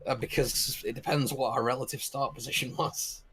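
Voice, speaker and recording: A man's voice: mid-range voice, steady tone, brisk, a crowd in the background. A man racing alongside friends in a game stream, trading dry, playful banter. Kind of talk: casual gaming chat.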